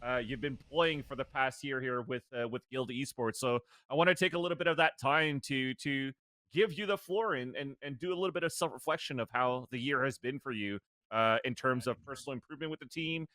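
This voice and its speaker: Man, podcast host. Upbeat, loose, bright tone. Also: mid-range voice, fairly quick, dry recording, clean studio sound. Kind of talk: casual podcast hosting.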